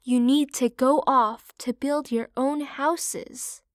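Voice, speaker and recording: A woman's voice: high voice, steady tone, slow pace, no echo, studio quality. Woman voicing an aging, worried mother pig. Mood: gentle worried. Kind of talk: audiobook character voice.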